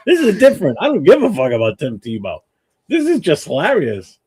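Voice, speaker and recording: Blunt, husky, swearing man. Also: a little high, wildly swooping pitch, brisk, darkish tone. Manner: blunt, profane. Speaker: podcast co-host. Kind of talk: casual sports chat.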